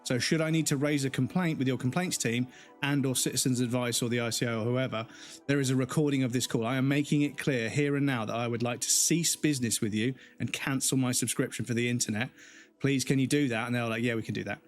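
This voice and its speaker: A man's voice: medium pitch, fairly even intonation, fast talker, soft background music. Angry man ranting while gaming. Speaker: gaming streamer. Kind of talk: casual live-stream rant.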